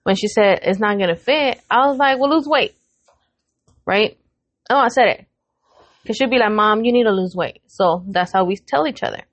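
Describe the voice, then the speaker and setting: A woman's voice: medium pitch, moderate pace. A woman retells a fight at home, jumping into everyone's voices and cursing freely. Her voice sits mid-range. The sound is muffled and lo-fi but close, with no room echo. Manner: animated retelling with quoted voices, frequent swearing. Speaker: podcast co-host. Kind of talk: casual storytelling chat.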